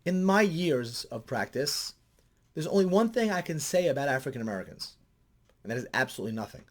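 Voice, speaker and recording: A middle-aged counselor gives vlog commentary, telling stories with lots of animation at a fairly quick clip. When excitement hits, his voice climbs high.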